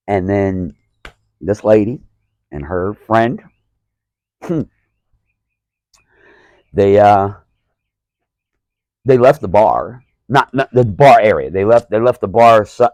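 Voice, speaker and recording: A man's voice: fairly low pitch, no room sound, poor audio. Profane man ranting dryly. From Alabama. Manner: profane, exasperated, animated storytelling. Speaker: stand-up comedian, podcast host. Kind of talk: casual storytelling rant.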